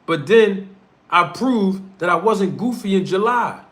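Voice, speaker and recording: A male streamer and host, North Philadelphia accent and street slang in full use, rants confrontationally during a livestream. His voice sits high and is animated, a little slow, with a fairly bright tone.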